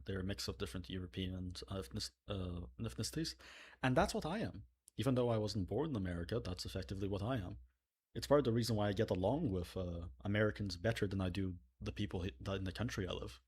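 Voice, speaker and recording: A man with a low, husky voice hosts a livestream in loose, casual chat. He reads out donations and tosses in joking asides between his opinions. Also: quick pace, a little mellow. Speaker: livestream host.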